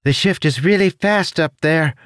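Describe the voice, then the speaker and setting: A man's voice: fairly high pitch, normal speed, a bit bright, no echo, clean studio sound, pitched above the performer's own voice, lightly acted. A man voicing a small, childlike winged male creature with a trunk, chirpy and carefree, in an audiobook. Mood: cheerful.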